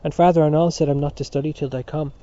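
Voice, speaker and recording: A man's voice: on the high side, steady tone, fast, warm tone, natural voice. A man voicing an anxious, timid schoolboy who speaks politely and shakily. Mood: nervous. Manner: hesitant, polite and shaky. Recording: dull lo-fi recording.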